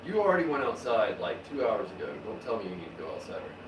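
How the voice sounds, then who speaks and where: A man's voice: on the low side, big pitch swings, fast talker, roomy sound, noisy background. A man live-streaming his home beer brewing, chatting casually, rambling and swearing as he works in his kitchen. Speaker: homebrewing streamer.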